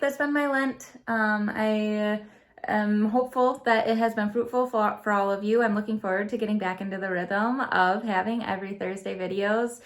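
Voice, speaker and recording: Earnest, gentle woman chatting to viewers. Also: mid-range voice. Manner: earnest, gentle, with frequent ums and soft laughs. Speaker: Catholic vlogger. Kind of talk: casual chat to viewers.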